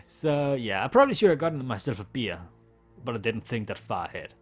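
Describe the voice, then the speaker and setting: A man's voice: mid-range voice, very animated, normal speed, husky, soft background music. A man, not a native English speaker, reading game text aloud and chatting casually in a let's play, with a slightly sore throat.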